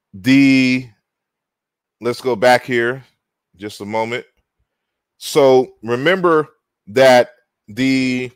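A man giving a lecture over slides, talking in a halting way with many fillers and repeated words. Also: medium pitch, clear, resonant tone, no echo.

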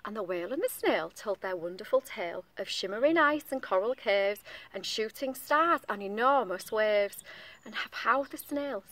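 A woman's voice: on the high side, fairly bright tone. A woman reading a picture book aloud to young children in a sing-song voice, stopping to ask them questions.

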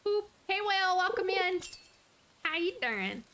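A woman streaming live gameplay, chatting to her viewers, swearing freely and talking softly to her dog. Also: very high-pitched, big pitch swings, measured pace. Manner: swears often, chatty and exasperated; talks softly to her dog between game moments.

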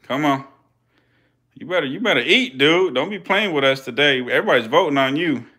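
A young adult man with a Californian accent, hosting a casual vlog with slangy, profane, excitable commentary and laughing asides to viewers. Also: fairly high pitch, brisk, husky. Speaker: channel host feeding snakes.

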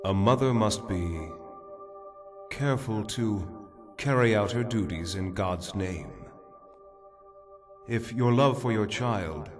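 An actor playing a calm religious counselor speaking in a solemn, measured way. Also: male voice, fairly low pitch.

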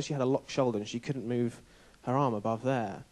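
A man training a church group, telling a personal story in an earnest, animated, informal way. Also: mid-range voice, brisk. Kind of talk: conversational storytelling talk. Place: church building.

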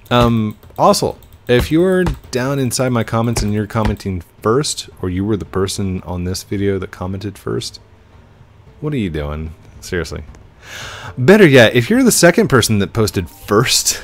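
A young man rambles cheerfully to his viewers while he plays, speaking straight to them in casual gameplay commentary. His voice sits low but swings lively in pitch, and a faint game ambience hums underneath. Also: slight background noise. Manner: chatty, rambling, addresses viewers directly. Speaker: gaming channel host.

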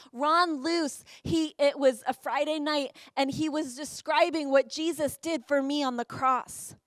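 A woman's voice: high voice, no echo, studio quality. A woman pastor preaching a sermon, telling a personal story with rising passion. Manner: impassioned storytelling, rising to emotional peaks. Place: church.

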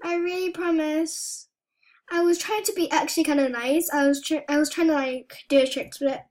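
A young woman giving soft-spoken, anxious commentary as she plays a video game. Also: sits high, fairly even intonation, normal speed. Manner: soft-spoken, often hushed, anxious chatter. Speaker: gaming YouTuber. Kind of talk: casual gameplay commentary.

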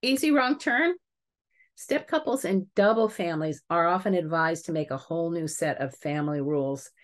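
Low-voiced woman teaching with stories. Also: moderate pace. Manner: lively storytelling, chuckles at examples. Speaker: family psychologist teaching a webinar. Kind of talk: webinar lecture with case stories.

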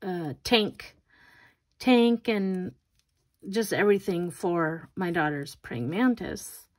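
A woman's voice: lowish voice, slow. An older woman and grandmother chatting casually while doing her nails, telling a rambling story with laughs and restarts. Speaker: nail art vlogger.

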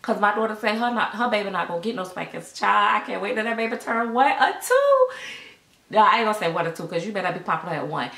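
A middle-aged woman chats through a storytime in a sassy, animated way, her voice sitting a bit high. Her tone is bright and forceful. The room around her rings with echo. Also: quick pace, vocal fry. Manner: chatty, sassy, acts out voices in quotes. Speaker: vlogger telling a story. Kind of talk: casual storytime chat. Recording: echoey room.

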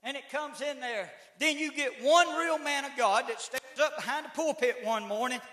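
A man preaching a sermon in a church, folksy, with shouted calls to the congregation. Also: extremely high pitch, moderate pace. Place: church sanctuary. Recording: echoey church room.

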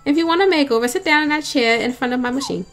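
A sugary poodle salon stylist, put on by a woman gushes in a put-on accent and a high, lifted voice, calling everyone sugar. She sells her makeovers with polished, salesy politeness over faint game music. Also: fast talker. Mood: sweet.

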